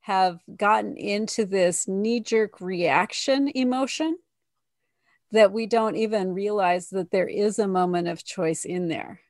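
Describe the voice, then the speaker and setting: A woman's voice: mid-range voice, a little slow, dry recording, clean studio sound. A woman hosting a podcast, asking questions and affirming her guest. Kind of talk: casual podcast conversation.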